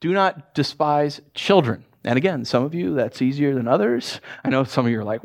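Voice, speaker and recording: A man, a pastor preaching a sermon with humorous asides and a conversational, animated delivery. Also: a little high, slow pace.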